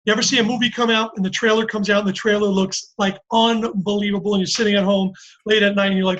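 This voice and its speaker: A man giving a casual sales pitch to a group call, telling stories and acting out quotes. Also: fast, rough recording. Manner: animated, storytelling, acts out quotes. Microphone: call microphone.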